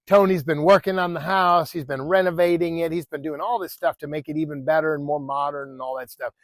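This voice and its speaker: A man's voice: fairly high pitch, steady tone, brisk, no echo. A man casually telling a story with a moral, chatty, with many fillers and asides to the listener.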